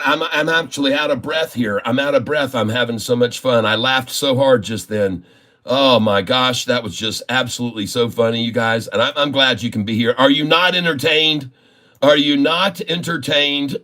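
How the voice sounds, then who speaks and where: A man hosting a live trading stream. He talks in an effusive, folksy way, calls his viewers "folks," and keeps breaking into laughter. His pitch sits in an ordinary middle range. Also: fairly bright tone. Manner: laughs often while talking.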